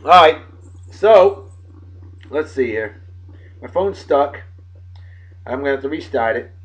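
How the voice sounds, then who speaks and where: A man hosting a daily beer and song show in a rowdy, casual way, loud and excitable, swearing and joking, swinging from shouting to muttering. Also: mid-range voice, slow, low-quality recording.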